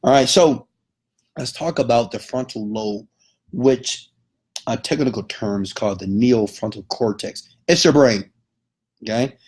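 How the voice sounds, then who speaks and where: Emphatic, husky motivational speaker man. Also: mid-range voice, a little slow, darkish tone. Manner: emphatic, keeps checking in with okay. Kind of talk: motivational lecture.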